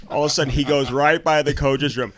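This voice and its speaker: A man co-hosting a podcast, chatty and quick as he tells stories about his reporting days. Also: fairly high pitch, steady tone, a bit bright, slight background noise. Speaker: podcast co-host, former reporter. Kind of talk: casual podcast chat.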